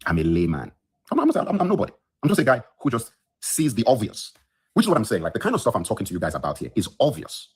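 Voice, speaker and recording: With a mid-range, breathy voice that swings hugely in pitch, a fast-talking podcast host rants on a heated solo livestream. He has just woken up and speaks into his phone from his bedroom, indignant and emphatic, repeating lines for effect.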